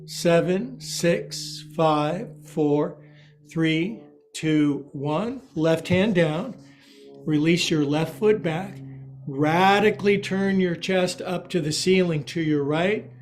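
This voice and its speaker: A man's voice: fairly high pitch, darkish tone. A man teaching a guided yoga class, calling out poses, counting holds aloud and joking about words along the way. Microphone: livestream from his own space.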